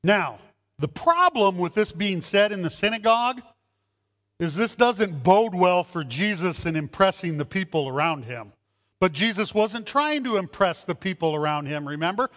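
A man preaching a sermon as a pastor, animated, acting out voices in his stories. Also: high voice, moderate pace. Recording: long hall reverb.

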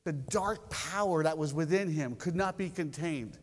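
A man preaching a sermon as a pastor, telling stories and alternating slow, stressed phrases with quick asides. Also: a little high, in a large hall. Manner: storytelling, shifting between slow emphasis and quick asides.

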